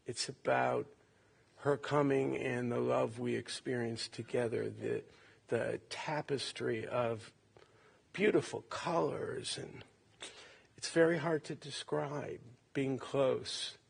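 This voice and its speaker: A man in his late sixties from Ohio, a son giving a halting, tender eulogy at a funeral. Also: medium pitch, steady tone, creaky, breathy edge. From Cleveland, Ohio. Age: 60s. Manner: halting, reflective, tender storytelling.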